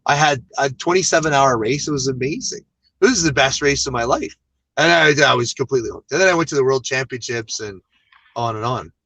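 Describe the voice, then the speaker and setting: Animated man telling his story in a dry room. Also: medium pitch, fairly quick, gravelly, no room sound. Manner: animated, self-deprecating storyteller. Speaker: guest. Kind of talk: casual interview storytelling.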